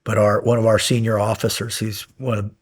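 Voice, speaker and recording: A man in his fifties, a podcast guest and former Navy SEAL, telling stories in a casual interview, animated at times and dropping to quiet intensity at others. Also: lowish voice, quick pace.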